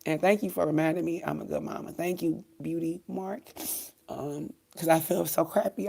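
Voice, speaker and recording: Grieving woman host, low gravelly voice, halting and close to tears, talking to viewers. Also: steady tone, dark tone. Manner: halting, many ums, swears, faith talk. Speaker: livestream host. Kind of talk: grieving livestream talk, reading comments.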